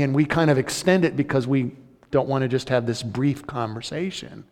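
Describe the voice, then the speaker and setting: This pastor's voice is medium-pitched with a darkish tone, and he talks a little fast. He delivers his sermon earnestly and conversationally, frequently restarting phrases, and the recording carries a long hall reverb.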